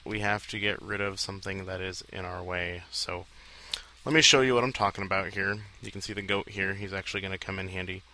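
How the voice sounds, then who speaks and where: A man's voice: low-pitched, pushed and bright, poor audio. A man hosting a casual video game let's play, rambling and joking with self-deprecating asides as he plays. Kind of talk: casual gameplay commentary.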